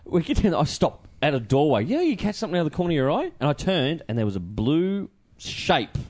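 An Australian man co-hosting a casual show, telling a story with lively, swearing banter. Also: a little high, fast talker. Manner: animated, swearing, laughing storyteller. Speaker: radio co-host.

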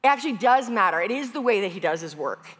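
A woman's voice: mid-range voice, animated, fast talker, fairly bright tone. A woman pastor giving a conversational sermon, telling stories in a chatty way with casual fillers. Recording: long hall reverb.

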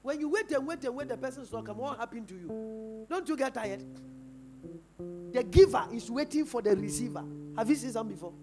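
A man's voice: very high-pitched, lively intonation, brisk, over music. A man with a Ghanaian English accent preaching a sermon in church, firing rhetorical questions at the congregation. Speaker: pastor.

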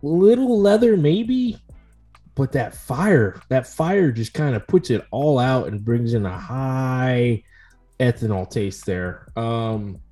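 A man co-hosting a casual whiskey-tasting podcast, loud and joking. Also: expressive, slow, faint music behind. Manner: loud, joking, swings his pitch widely. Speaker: podcast co-host.

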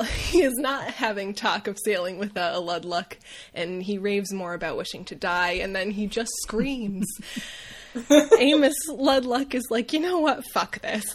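A woman hosting a casual comedic book recap, wry and quick to laugh, tossing off quick voices for the characters. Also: mid-range voice. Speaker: podcast host recapping a novel.

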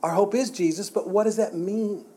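A man's voice: sits high, normal speed, warm tone. A man teaching a church Bible class in a conversational way, often repeating words and restarting his sentences.

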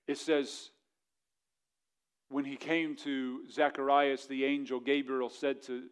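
A male pastor preaching a sermon fervently, dropping to a hush and then rising to emphatic points. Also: fairly high pitch. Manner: mocking voices of others in quick asides.

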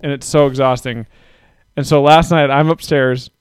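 A man's voice: medium pitch, fairly even intonation, normal speed, clean tone, no room sound, clean studio sound. A man in his thirties, a father of young kids, rambling through a casual story with lots of swearing. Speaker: podcast co-host. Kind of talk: casual chat.

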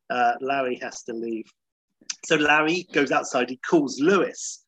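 A man retells a comedy episode in a loose, chatty way, filled with ums and uhs. His voice is husky and mid-pitched. The sound is dry and close. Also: unhurried, fairly bright tone, no echo, rough recording. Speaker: comedy recapper.

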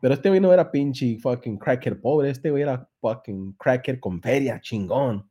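A man's voice: mid-range voice, a little fast, warm tone, husky. A young man tells a joke in a laid-back, profane way on a live podcast, switching between English and slang. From San Jose, California. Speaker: comedian and podcast host.

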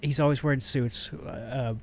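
A man's voice: medium pitch, measured pace. A young man co-hosting a casual podcast chat, telling movie stories with lots of energy, acting out scenes and swearing casually. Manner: animated storyteller, acts out scenes in voices, swears casually. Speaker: podcast co-host.

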